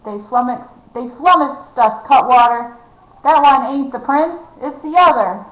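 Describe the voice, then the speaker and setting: A woman's voice: sits high, measured pace. A woman voicing a huge, coarse male outlaw who roars his lines. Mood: roaring. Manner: roaring, coarse. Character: huge hairy male outlaw, brutish and loud. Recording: echoey, dull lo-fi room.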